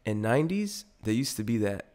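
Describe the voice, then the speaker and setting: A man's voice: on the low side, sing-song, fairly quick, a little mellow. A young man hosting a podcast, rambling through a profane, comedic monologue and slipping into voices for the people in his stories. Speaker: podcast host.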